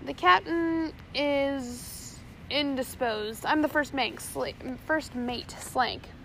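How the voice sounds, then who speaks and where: A woman's voice: high voice, vocal fry, pushed and bright, a little hiss or hum, voice pushed up, exaggerated voice, rough recording. Woman voicing a cool, unafraid first mate. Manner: cool, measured. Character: calm, unafraid male ship's first mate.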